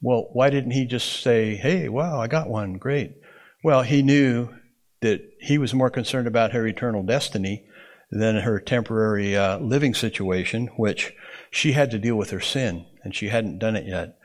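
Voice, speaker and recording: In a classroom lecture on Bible interpretation, a man with a lowish voice speaks at normal speed. He explains things in a folksy way and often checks in with the room.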